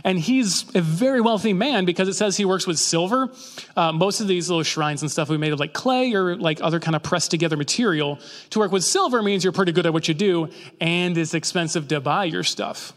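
A man's voice: high voice, fairly quick. A man preaching a casual sermon, talking conversationally and acting out the people in the story with jokey voices. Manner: conversational, acts out quoted characters with jokey voices. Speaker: pastor. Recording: long reverb of a large hall.

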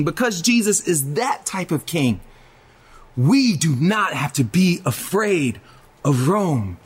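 A man preaching a sermon to viewers online, in a dramatic delivery that swings between loud urgency and a hushed voice. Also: on the high side, very animated, takes it slowly, husky. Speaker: pastor.

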